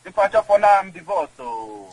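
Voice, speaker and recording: Animated husky Ghanaian man. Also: high voice, moderate pace, low-quality recording. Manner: animated, switching between English and Twi. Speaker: interview guest. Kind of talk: emotional interview talk.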